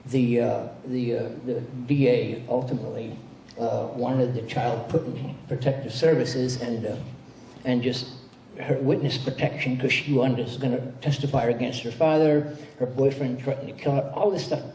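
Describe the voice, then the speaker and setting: A man's voice: mid-range voice, steady tone, normal speed, warm tone. A male pastor giving a sermon as a conversational story, with frequent restarts and acted quotes. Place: spiritual center hall. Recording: roomy hall with faint noise.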